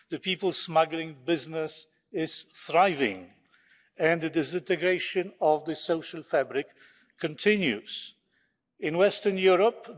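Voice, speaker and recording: A man from Poland, giving a formal, combative and sarcastic speech as a member of parliament in a large chamber. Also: on the high side. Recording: long reverb of a large hall.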